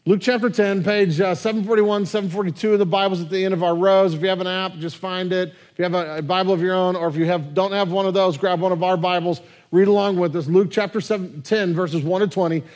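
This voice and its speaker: A man preaching a sermon as pastor, relaxed and conversational, sometimes dropping his voice very low. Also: fast, hardly any pauses. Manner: conversational, drops to near whisper at tender moments.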